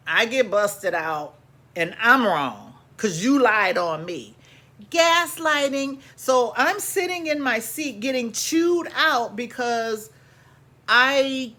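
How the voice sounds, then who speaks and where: A woman casually telling her own life story to viewers, animated and repeating lines for emphasis, calling her listeners family. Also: mid-range voice.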